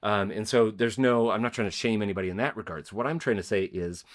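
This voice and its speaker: A man's voice: fairly low pitch, quick pace. A man hosting a podcast, telling a personal story in an earnest, rambling way with many restarts. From Spokane, Washington area. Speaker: podcast host. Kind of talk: conversational interview.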